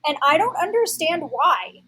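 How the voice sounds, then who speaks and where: A woman's voice: very high-pitched, very animated, unhurried, bright, forceful tone, slight background noise. A woman guest on a podcast, talking casually about a film in easygoing replies. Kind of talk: casual film review chat.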